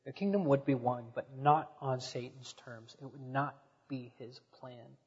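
A man preaching a sermon to a congregation, rising to loud emphatic swells and dropping back to quiet speech. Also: medium pitch, fairly even intonation, measured pace, slightly rough. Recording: dull echoey sanctuary recording.

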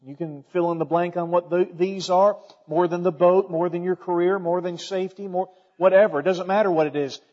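A man's voice: sits high, fairly even intonation, brisk, few pauses, mellow, muffled recording. A middle-aged man preaching a sermon in a church, folksy in tone, building emphasis and quoting scripture. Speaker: pastor.

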